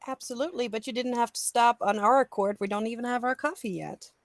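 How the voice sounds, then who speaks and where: A woman's voice: fairly high pitch, fast talker, no echo. A woman playing a tabletop game, chatting casually with friends. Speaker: player.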